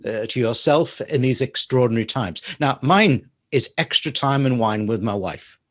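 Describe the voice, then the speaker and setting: A man's voice: mid-range voice, expressive, moderate pace, a bit bright. Male interview host. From northeast England. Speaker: talk show host. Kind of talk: hosting an interview.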